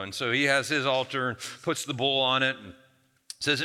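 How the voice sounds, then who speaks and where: A man's voice: mid-range voice, steady tone, a little fast, sharp tone, clear, resonant tone. A male pastor telling a Bible story in a conversational, humorous sermon with frequent restarts, recorded in a church. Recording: long church reverb.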